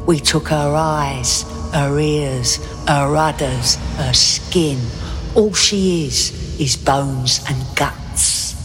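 A woman's voice: low voice, very slow, music in the background. A woman actor delivering a scripted first-person dramatic monologue in an intimate, brooding way.

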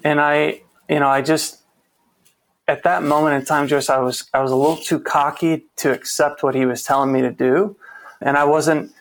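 Earnest and reflective, a man appearing as a guest in a conversation shares a personal story, often restarting his sentences and quoting what people said. His voice runs on the high side, level in tone, at normal speed.

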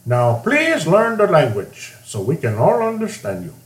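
A man's voice: fairly high pitch, huge pitch swings, a little slow, pitched above the performer's own voice. Man putting on an Indian-accented doctor. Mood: lecturing. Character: newly arrived foreign doctor, male. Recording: echoey room, faint hum.

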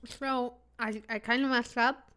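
A woman's voice: on the high side, steady tone, measured pace, a bit bright, smooth. A woman playing a tabletop game, chatting casually and laughing easily. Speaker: player.

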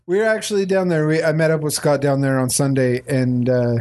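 A man's voice: on the high side, fairly even intonation, a little fast, darkish tone. A man from Utah chatting casually as podcast co-host, jokey and laughing often. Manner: jokey, laughs often, puts on silly accents. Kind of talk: casual chat.

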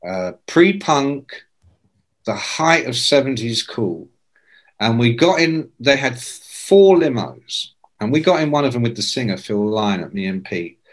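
A guest in his sixties, this man tells rambling, sweary anecdotes in casual conversation, animatedly acting out the voices of the people he quotes. His voice is mid-range and he speaks a little slowly.

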